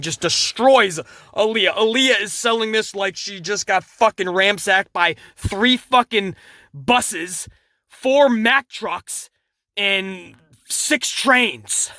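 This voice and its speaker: A man rants through a wrestling recap, swearing and laughing as he goes. His voice has a bright, forward edge. The sound is dry and close. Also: high-pitched, slow pace, no echo. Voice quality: animated, swearing, laughs at his own jokes. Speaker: wrestling show reviewer. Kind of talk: casual profane commentary.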